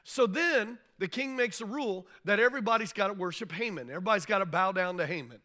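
A pastor with a high, bright voice delivers a sermon in a church. He tells the story loosely and conversationally, acting out the figures' lines in plain modern speech. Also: lively intonation, quick pace.

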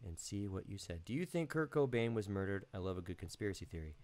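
A man hosting a casual live stream, talking in a relaxed, rambling way with lots of fillers, from home. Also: deep voice, quick pace.

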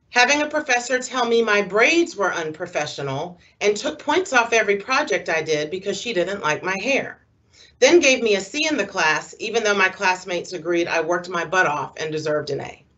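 A woman moderating a town hall, reading out student accounts in a measured, deliberate way. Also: medium pitch, a bit bright, lo-fi sound.

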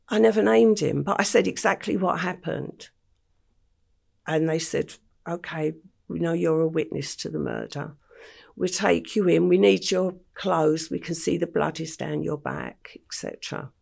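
An older woman from England, telling her life story in an interview at a slow, matter-of-fact pace. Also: fairly low pitch, darkish tone. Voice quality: gravelly, husky voice. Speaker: podcast guest.

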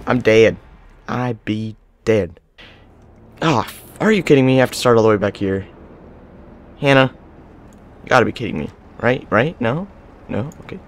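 A young man giving excitable gameplay commentary, yelling in panic and triumph. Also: mid-range voice, normal speed, long pauses, slight background noise. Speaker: gaming channel host.

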